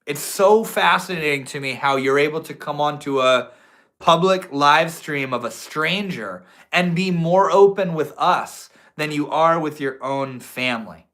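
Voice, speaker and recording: Loose, profane livestream host. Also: male voice, fairly high pitch, measured pace, a bit bright. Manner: loose, profane, says bro and dude, preachy bursts. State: tipsy. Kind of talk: casual livestream chat reading comments. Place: indoors at home.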